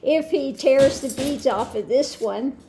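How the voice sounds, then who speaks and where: An older woman rambling about her day in a casual, chatty way, with soft laughs here and there. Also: sits high, measured pace, music in the background. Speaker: tarot reader and vlogger. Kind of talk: casual chat.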